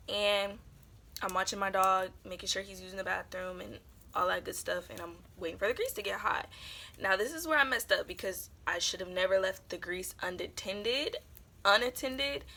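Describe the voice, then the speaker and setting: Young woman vlogger, bright tone, casual rambling storytime with lots of "like". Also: medium pitch, a little hiss or hum. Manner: chatty, meandering with lots of fillers.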